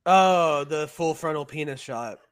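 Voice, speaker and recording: Male co-host, slightly high, playful and quick to joke, casual chatter. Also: clear, resonant tone, no room sound, clean studio sound. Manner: playful, jokey, lots of "like" and quick interjections. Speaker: podcast co-host. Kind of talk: casual reaction discussion.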